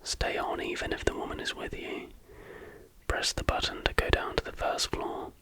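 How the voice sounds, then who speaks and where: Man whispering ASMR storytelling. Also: bright, forceful tone. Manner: slow, deliberate, instructional. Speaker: ASMR host.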